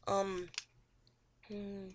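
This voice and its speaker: A woman student casually retelling a story in her own words, chatty, with lots of "like" and "um", her voice often trailing off quietly. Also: mid-range voice, monotone, very slow, a little hiss or hum. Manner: chatty, says "he was like" and "um" often. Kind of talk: casual book summary.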